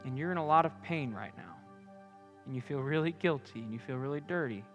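A young man preaching a sermon to a campus group. He speaks earnestly and directly, moving between loud punchy lines and quiet confiding ones. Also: mid-range voice, animated, brisk, faint music behind.

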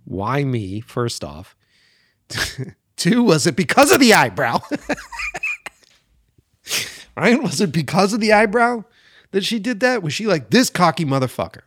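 A man's voice: fairly high pitch, dry recording, studio quality. A man in his forties, a podcast host, telling a story casually with profanity and acting out the people he quotes. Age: 40s.

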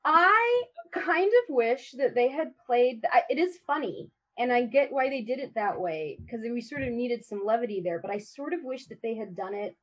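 A woman's voice: a little high, animated, normal speed, hardly any pauses, a bit bright. A woman chatting casually about a movie and comparing it to the book. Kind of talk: casual chat about a film. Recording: dull lo-fi sound.

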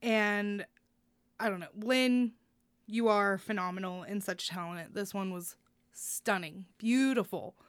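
A woman's voice: mid-range voice, measured pace, clean tone, no echo, clean studio sound. A woman co-hosting a podcast, gushing with effusive praise for stories in casual chat, laughing often. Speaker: podcast co-host reviewing stories.

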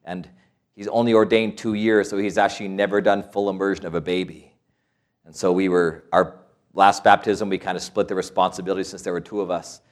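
A man's voice: deep voice, flat delivery, fairly quick. A middle-aged man, a priest, preaching a sermon with stories, asides and quoted voices.

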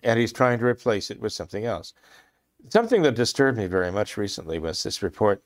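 Emphatic man clearing his throat. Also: lowish voice, big pitch swings, fairly quick. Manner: impassioned, emphatic, repeats phrases for stress. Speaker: commentator. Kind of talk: religious commentary discussion.

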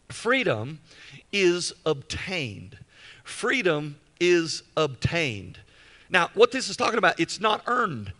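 A man preaching with a high, bright voice that swings widely in pitch. He leans on repeated phrases and stretches key words slowly for emphasis, in the manner of an emphatic pastor's sermon.

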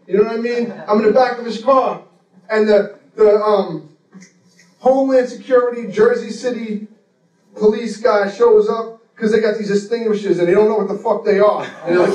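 A man's voice: sits high, steady tone, brisk, a little mellow, muffled recording. A man in his forties telling a loose, profane story on stage in a laid-back street manner. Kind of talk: live comic storytelling. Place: stage before a laughing audience. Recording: echoey room from a distant mic. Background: crowd laughter.

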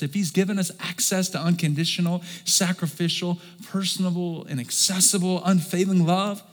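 A pastor preaching a sermon to his congregation, swinging between soft low passages and loud emphatic calls for response. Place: large church hall. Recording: long hall reverb.

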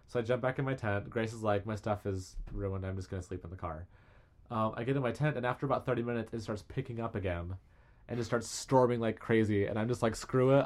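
A young man chats casually, spinning animated travel stories and slipping into little voices when he quotes people. His voice sits low for a man. He talks like a relaxed podcast guest. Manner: animated storyteller, acts out quotes. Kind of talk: casual chat.

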